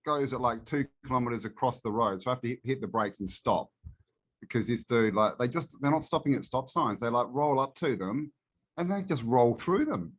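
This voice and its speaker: A man's voice: mid-range voice, lively intonation, brisk. A man, a guest in a casual chat, ranting and swearing freely.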